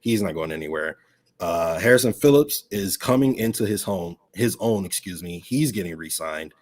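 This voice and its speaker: A man's voice: low voice, lively intonation, normal speed. A man on a video call as a podcast guest, talking in rambling, emphatic casual chat. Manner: rambling, emphatic sports-fan talk.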